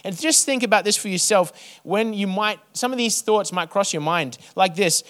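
A man preaching a sermon to his church, building rhythmic lists and then dropping to a soft hush. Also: high-pitched, moderate pace, few pauses. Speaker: pastor.

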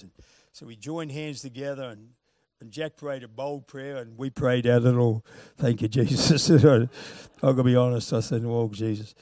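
A man preaching a sermon, moving from loud, punchy calls to quiet, chuckling storytelling. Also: mid-range voice, fairly even intonation, moderate pace, no echo, clean studio sound.

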